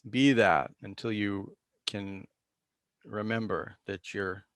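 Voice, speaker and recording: Slow, gravelly-voiced Zen teacher. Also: male voice, fairly low pitch, fairly even intonation, fairly bright tone, dry recording, studio quality. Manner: halting, with many fillers and restarts; self-deprecating and reflective. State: coughing now and then. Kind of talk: dharma talk.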